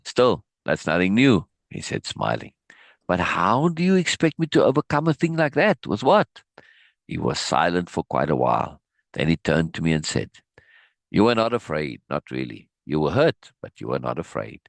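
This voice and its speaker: A man teaching, reading a book passage aloud and breaking off with animated, laughing asides and restarts. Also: deep voice, normal speed, creaky, dry recording.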